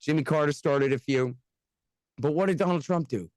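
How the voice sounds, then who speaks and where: A man's voice: fairly high pitch, darkish tone, no room sound. Blunt, sarcastic American man ranting. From United States. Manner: blunt, sarcastic, rapid ranting with mocking quoted voices. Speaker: guest, antiwar radio host and author. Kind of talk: casual podcast interview.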